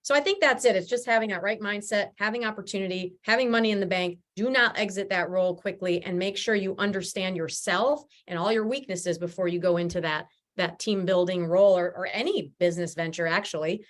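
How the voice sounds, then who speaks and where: A woman guest in a conversational interview, telling lively stories and acting out what people said to her. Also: medium pitch, fairly quick, hardly any pauses. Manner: animated storyteller, acts out quoted dialogue. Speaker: guest, realtor and team leader.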